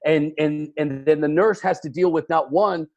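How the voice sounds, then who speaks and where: Animated Kentucky radio DJ, self-deprecating. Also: male voice, fairly high pitch, normal speed. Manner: animated, exclamatory, self-deprecating, stammering restarts. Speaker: radio DJ, podcast guest. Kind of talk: casual video-call conversation. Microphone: video call.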